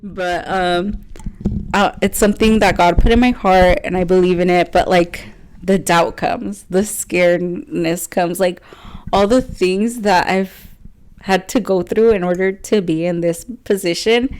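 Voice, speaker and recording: A woman's voice: fairly low pitch, fairly even intonation, a little slow, a little mellow, clean tone. Rambling young woman podcast co-host. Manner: rambling, laughs often, many "like" fillers. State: teary at moments. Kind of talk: casual chat.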